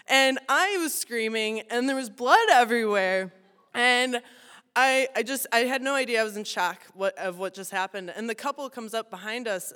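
Bright-voiced young woman telling a story. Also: fairly high pitch, clean tone. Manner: chatty and self-mocking, full of "you know" and laughter. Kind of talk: personal storytelling to an audience. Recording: long hall reverb.

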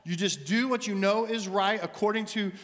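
A middle-aged minister preaches in a bright, high voice, driving his points home with short, punchy, repeated lines. His sermon rings out with a long reverb through a church sanctuary. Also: moderate pace. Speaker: senior minister.

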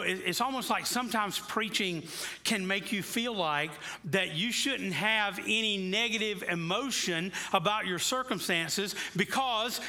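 Bright-voiced man preaching a sermon. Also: high-pitched. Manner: conversational, rising to passionate emphasis. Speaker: pastor. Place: church sanctuary.

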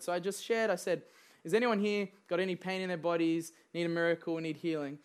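A young man delivers a sermon as if chatting with friends. His storytelling is loose and conversational, full of fillers and quick laughs. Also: sits high, fairly even intonation, clear, resonant tone. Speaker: preacher.

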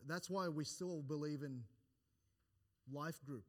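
In a church, a man with a slightly high voice preaches a sermon at a slow pace. He builds his points with rising emphasis, restarting and repeating words between them and quoting scripture in old-fashioned language.

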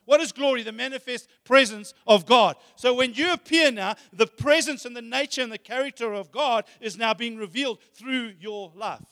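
Very high-voiced preacher. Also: male voice, moderate pace, hardly any pauses, bright, forceful tone. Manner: emphatic, repeats phrases, rhetorical questions. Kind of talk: sermon. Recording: long hall reverb.

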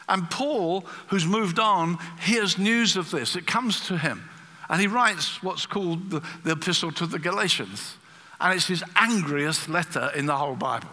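Man, preacher, sermon, fairly high voice, bright tone, long reverb of a church hall. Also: normal speed. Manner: animated, acts out quoted voices, many fillers.

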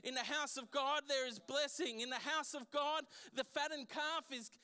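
High, bright-voiced male preacher. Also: fairly even intonation, moderate pace. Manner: emphatic preaching with many restarts. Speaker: pastor. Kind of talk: sermon.

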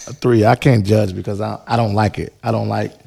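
Gravelly, husky man in casual chat. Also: lowish voice, steady tone, brisk, dark tone. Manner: blunt, profane, joking. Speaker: wine taster.

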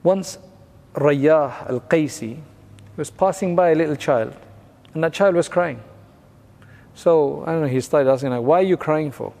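Male religious teacher, fairly high voice, explains in plain steps, long reverb on the recording. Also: unhurried, creaky, long pauses, darkish tone. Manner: explains narrations plainly, with Arabic phrases.

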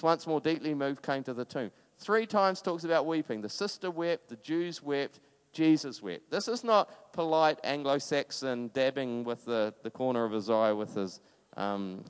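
A man's voice: medium pitch, smooth, big-room sound. A man preaching a sermon in a conversational, impassioned way, with sudden emphatic bursts.

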